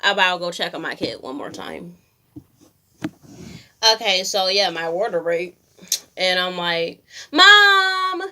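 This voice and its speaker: Young woman with a lowish voice, casual storytime, slangy and candid, acts out the quotes. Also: lively intonation, measured pace, pauses often, pushed and bright, a little hiss or hum. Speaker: vlogger.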